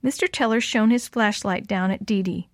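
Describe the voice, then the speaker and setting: A woman narrating a children's story aloud in a clear, steady way. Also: medium pitch, moderate pace, dry recording, studio quality.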